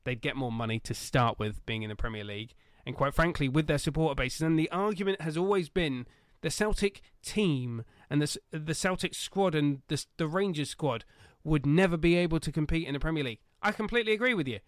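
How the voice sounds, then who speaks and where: A man co-hosting a casual football podcast, talking animatedly with loud bursts, swearing and laughing at his own jokes. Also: fairly high pitch, a little fast, few pauses, no room sound, studio quality. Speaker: podcast co-host.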